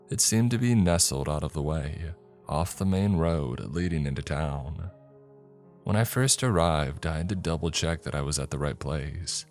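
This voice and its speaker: A man reading a first-person horror story in a measured, scripted narration. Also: a bass voice. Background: faint background music.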